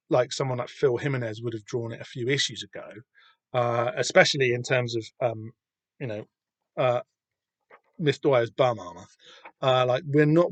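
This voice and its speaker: A man's voice: mid-range voice, no echo. Rambling man talking comics. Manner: rambling, lots of fillers and restarts. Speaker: podcast host. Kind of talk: casual comic-reading commentary.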